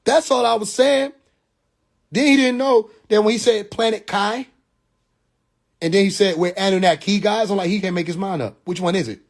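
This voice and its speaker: On a phone live stream, a young man with a Southern Atlanta accent rambles in a preachy, mocking monologue, constantly asking rhetorical questions and using profane slang. His voice sits high and creaky, with a steady tone and moderate pace.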